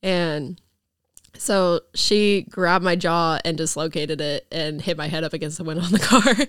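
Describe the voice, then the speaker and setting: A woman's voice: sits low, moderate pace, a bit bright, clean tone, no echo, clean studio sound. A young woman, a podcast guest, rambling through a personal story with lots of fillers.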